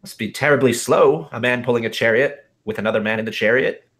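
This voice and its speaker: A man's voice: medium pitch, quick pace, fairly bright tone. A man playing a tabletop game, asking wry, skeptical questions. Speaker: player.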